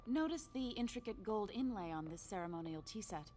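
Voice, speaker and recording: A woman's voice: mid-range voice, lively intonation, brisk, mellow, soft background music, close to an everyday voice. An actress voicing a polished, evasive female auction house host in a video game, formal and guarded. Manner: formal and guarded, deflecting questions. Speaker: game character.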